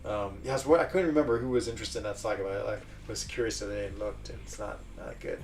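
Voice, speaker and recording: A man's voice: fairly low pitch, fast talker, distant mic, faint music behind. A man hosting a livestream, chatting casually in a rambling way and laughing often. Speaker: livestream host.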